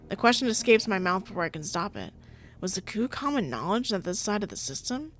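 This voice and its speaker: A woman's voice: mid-range voice, very animated, a little fast, fairly bright tone, soft background music. A young woman reading a visual novel aloud and reacting in casual, profane, laughing commentary. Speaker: streamer playing a visual novel.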